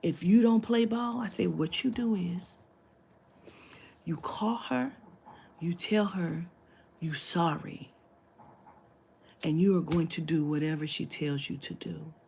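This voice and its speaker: A woman's voice: lowish voice, fairly even intonation, unhurried, vocal fry, a little mellow, slight background noise. A woman telling a long story in casual talk, acting out the quoted dialogue, swearing freely and dropping into whispers. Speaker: spiritual reader telling a client story.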